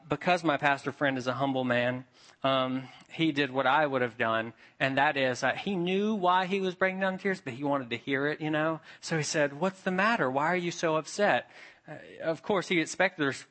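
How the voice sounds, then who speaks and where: A man's voice: a little high, normal speed, fairly bright tone. A man preaching a sermon in a storytelling way. He often puts questions to his listeners and briefly acts out the voices of the people in his story. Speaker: pastor.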